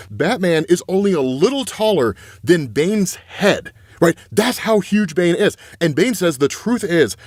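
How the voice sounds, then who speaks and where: A young man recapping a comic book story in an excited, chatty way, often asking "right?" as he goes. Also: high voice, unhurried, few pauses, husky, no echo, studio quality. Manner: excitable, keeps saying "right?".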